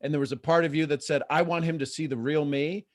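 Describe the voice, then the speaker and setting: A middle-aged man hosting a live motivational coaching call, lively and acting out quoted voices. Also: fairly high pitch, fast. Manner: animated, acts out quoted voices. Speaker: host and coach.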